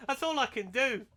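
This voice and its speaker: Excitable live commentary on a football management game comes from a gaming channel host whose voice is a little high. At the big moments, he bursts out shouting and laughing.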